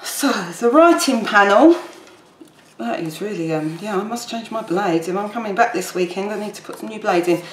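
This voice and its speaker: A woman's voice: medium pitch, lively intonation, normal speed. A woman chatting casually as she demonstrates a papercraft project, rambling while she works. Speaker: papercraft tutor. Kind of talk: casual crafting tutorial. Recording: echoey room with faint background noise.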